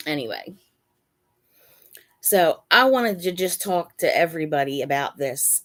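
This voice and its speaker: Slow-talking woman on a live chat. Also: on the low side. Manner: emotional, near tears; talks to her pets mid-stream. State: dry mouth. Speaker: channel host. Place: at home in bed.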